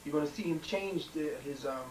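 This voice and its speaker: A man's voice: fairly high pitch, fairly quick. A man lecturing to a live audience in an emphatic, digressive way, restarting his sentences often. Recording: echoey room, distant mic, faint hiss.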